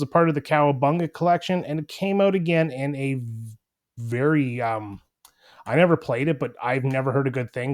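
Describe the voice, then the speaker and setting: A man co-hosting a retro gaming podcast, chatting casually and joking with his co-host. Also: a little high. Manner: relaxed, jokey, reads game summary from notes.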